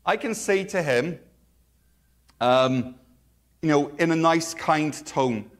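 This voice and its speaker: A man preaching a sermon in a relaxed, joking, conversational way with playful asides. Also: mid-range voice, a little slow, long pauses. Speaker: pastor.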